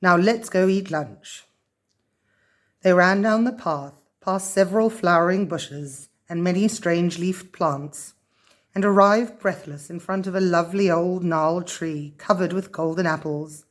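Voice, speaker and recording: A woman's voice: fairly low pitch, normal speed. Woman reading a children's story aloud.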